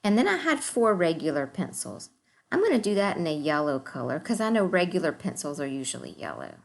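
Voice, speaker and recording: A woman teacher giving a recorded math lesson to young children, slow and encouraging, speaking straight to the kids. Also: low-pitched, wildly swooping pitch, gravelly.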